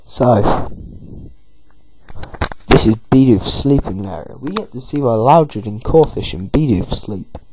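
A man's voice: mid-range voice, expressive, unhurried, background noise. A man giving casual let's-play commentary, loosely narrating the game and paraphrasing characters with "he's like.". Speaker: gameplay commentator.

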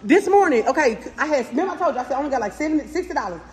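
In a noisy, echoey room, a woman records a casual family vlog, talking effusively right at her audience. She speaks at a racing pace with a high pitch and lively intonation.

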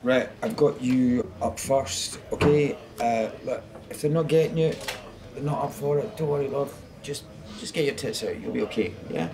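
An actor playing a casual, blunt comedy club organiser who reassures a nervous act, in a sitcom. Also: male voice, medium pitch, moderate pace, a crowd in the background, close to an everyday voice. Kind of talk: sitcom acting.

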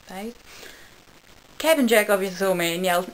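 A woman gives a comic dramatic reading of the fan fiction she wrote as a child. Her voice is mid-pitched and fairly plain. She breaks off often for wry, self-mocking asides. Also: animated, moderate pace, pauses often, slight background noise, low-quality recording. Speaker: video creator.

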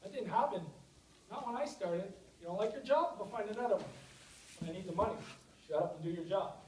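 A man giving an energetic, out-of-breath motivational lecture to students, speaking straight to the audience. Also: high-pitched, normal speed, long pauses. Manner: energetic, addresses audience directly. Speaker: guest lecturer. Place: university lecture hall. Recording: echoey hall from far off, faint noise.

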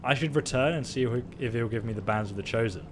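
A young man giving joking, excitable commentary on a live stream, swearing and laughing. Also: mid-range voice, quick pace, slight background noise. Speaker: gaming streamer.

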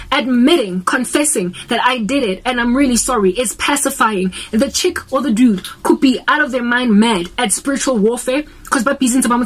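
A woman's voice: fairly high pitch, fairly bright tone, breathy edge. A young South African woman with a South African accent, preaching earnestly in a casual vlog and switching between English and Sesotho as she talks. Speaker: Christian vlogger.

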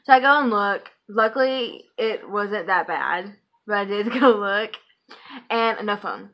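A woman's voice: medium pitch, animated, a little slow, a bit bright. A woman in her twenties telling a storytime vlog in a chatty, profane way full of fillers, in a dull lo-fi recording. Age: 20s. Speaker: vlogger.

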